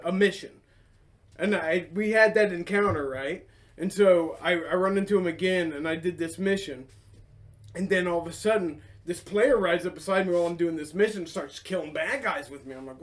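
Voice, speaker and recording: A man co-hosting a podcast in casual chat, laid-back, with short replies and casual profanity. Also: high voice. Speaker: podcast co-host.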